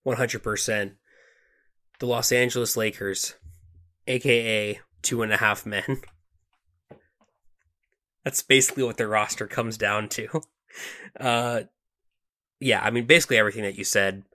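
A man with a fairly low, bright and forceful voice talks through basketball picks on a podcast. He speaks loosely and casually, with plenty of fillers and quick restarts. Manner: relaxed, conversational, frequent fillers and restarts. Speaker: podcast co-host. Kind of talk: casual sports podcast chat.

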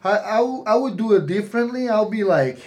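A man with a notably high voice for a man, a fighter, tells stories in lively, broken English. He halts and restarts, then rushes ahead with excitement. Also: slight background noise. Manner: broken, non-native grammar, animated storytelling. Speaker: fighter, guest. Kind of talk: casual podcast chat.

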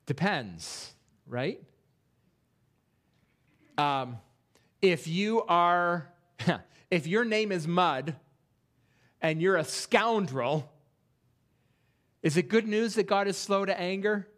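A man preaching an expository sermon in a church, reading scripture aloud and posing rhetorical questions with animated delivery. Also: high-pitched, very slow, long pauses. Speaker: pastor. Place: church sanctuary.

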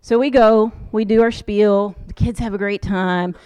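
A woman's voice: medium pitch, unhurried, smooth. An American woman, a social work professor, telling a travel story in a conversational lecture and acting out the people she quotes. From United States. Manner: conversational storyteller, quoting people in lively voices.

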